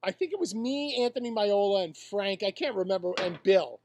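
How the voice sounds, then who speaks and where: A man's voice: high-pitched, brisk, darkish tone, slight background noise. A man co-hosting a casual podcast, rambling through stories and swearing freely. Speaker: podcast co-host. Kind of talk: casual chat.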